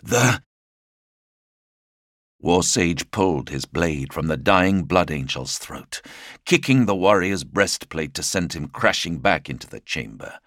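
A man narrating an audiobook in a dramatic, measured storytelling manner. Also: sits low, animated, a bit bright, no room sound, clean studio sound. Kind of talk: scripted narration.

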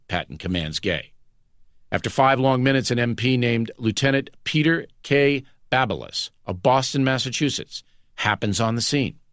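A man narrating a nonfiction audiobook with a measured, dramatic delivery. His voice sits at an ordinary middle pitch. The recording is dry and close, with no room sound. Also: fairly bright tone, no room sound. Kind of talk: scripted narration.

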